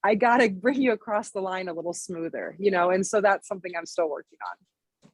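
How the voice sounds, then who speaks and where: A woman in her thirties, a fitness coach who runs her own business, chats casually as a podcast guest, peppering her talk with "like" and "you know" and quick laughs. Her voice sits at medium pitch, slightly rough, with no echo.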